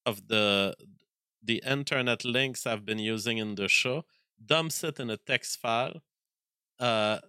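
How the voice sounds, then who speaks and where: Crisp and forceful, a French-accented host's mid-range voice comes through dry and close with no echo. He chats casually on his live stream, reading viewer messages and thinking aloud, often halting and restarting.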